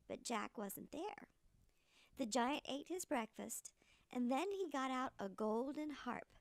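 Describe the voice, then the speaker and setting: A woman reads a fairy tale aloud in a theatrical storyteller style. Her fairly high voice swoops widely and carries a gravelly edge, and the recording is close and dry. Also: slow pace, no room sound. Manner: animated, theatrical reading.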